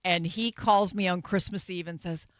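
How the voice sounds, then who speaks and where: A woman's voice: lowish voice, moderate pace, no echo. A middle-aged American woman co-hosting a radio show, telling stories in casual chat and acting out the quotes. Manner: animated storyteller, acts out quotes. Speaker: radio co-host.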